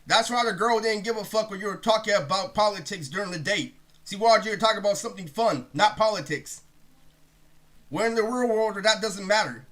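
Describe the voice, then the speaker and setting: A young man talks straight to camera in a high, bright voice. His monologue is heated and rambling, full of profanity. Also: a little fast. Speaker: vlogger.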